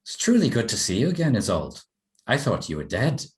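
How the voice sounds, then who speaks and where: A man voicing a mysterious cloaked, masked stranger who is smug and menacing and speaks in a smooth, dismissive way. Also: mid-range voice, wildly swooping pitch, fairly quick. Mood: sly.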